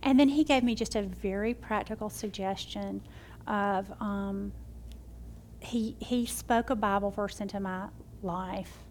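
A woman's voice: mid-range voice, a little slow, slight background noise. A middle-aged woman, telling a faith story and leading a prayer in a devotional teaching. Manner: warm storytelling, shifts between excited and hushed. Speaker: Bible study teacher.

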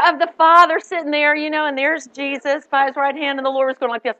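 Bright-voiced woman telling a lively story. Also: high voice, quick pace, few pauses. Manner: animated, laughing, acts out quotes. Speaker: speaker at a Christian event. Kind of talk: storytelling testimony to an audience.

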